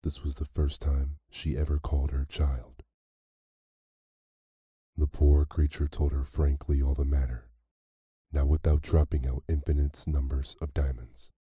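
A man narrating a classic fairy tale as a slow, soothing bedtime story. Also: rumbling low, level tone, husky, no room sound, studio quality. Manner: slow, soft, soothing reading.

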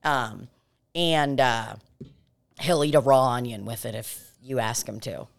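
A woman's voice: a bass voice, a little slow, creaky. A woman from Belarus, a podcast co-host, telling stories in casual chat, swearing freely and acting out voices. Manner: animated, swears freely, acts out voices in anecdotes.

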